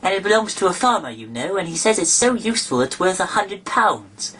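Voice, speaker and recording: A man's voice: high voice, sing-song, fairly quick, fairly bright tone, slightly rough, voice pushed up, full character voice, rough recording. A man voicing a polite, chatty young girl in an eager, apologetic manner for a storybook reading.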